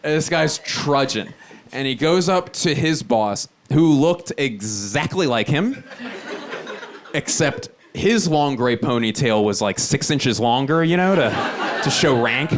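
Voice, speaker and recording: A man in his thirties doing a stand-up comedy set, telling stories in an incredulous, animated way with sudden high outbursts. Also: takes it slowly, noisy background. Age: 30s. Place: comedy stage before a live audience.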